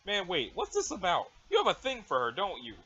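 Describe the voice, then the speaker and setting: A man's voice: high-pitched, wildly swooping pitch, fairly quick, bright, forceful tone, dull audio, heavily acted. A man reading as a cocky slangy teen boy. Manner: slangy, swaggering.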